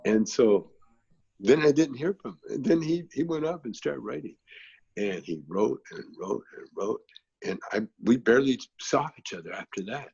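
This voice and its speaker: A man's voice: mid-range voice, lively intonation, moderate pace, creaky, a little mellow, husky, muffled recording. A man being interviewed who tells long, rambling stories in a laid-back way, with plenty of filler phrases. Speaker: guest, actor and comedian.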